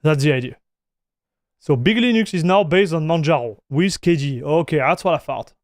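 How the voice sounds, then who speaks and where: A man's voice: a little high, animated, normal speed, no room sound, studio quality. A man streaming live, chatting casually, greeting viewers and reading their chat messages aloud, often restarting his sentences. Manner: frequent restarts and fillers.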